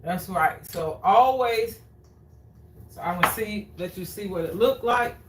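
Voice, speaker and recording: A woman hosts a cooking demonstration at an unhurried pace, chatty and fond of repeating herself to her viewers. Her voice sits at a middle pitch and is picked up from a few steps away. The kitchen around her sounds echoey, with faint room noise underneath. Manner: chatty, repeats phrases, addresses viewers as guys. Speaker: cooking show host. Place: home kitchen. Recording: roomy, distant from the mic.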